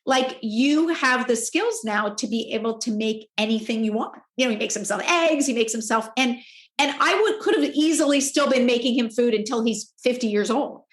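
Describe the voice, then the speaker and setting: Animated woman telling a story, echoey room. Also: normal speed. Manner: animated, jumps up in pitch to act out quoted speech. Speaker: podcast guest. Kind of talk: personal storytelling in conversation.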